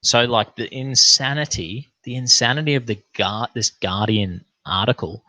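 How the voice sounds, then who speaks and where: A man's voice: mid-range voice, normal speed, pushed and bright, dry recording, low-quality recording. A young Australian man ranting bluntly and profanely in a casual rambling monologue to his online viewers. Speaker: online streamer.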